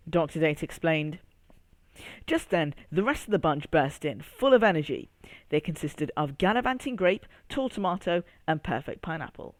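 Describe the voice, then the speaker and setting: A children's radio storyteller reading a fruity adventure aloud. The voice swings lively up and down while addressing the young listener directly, recorded close and dry with no room sound. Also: mid-range voice, moderate pace, no room sound.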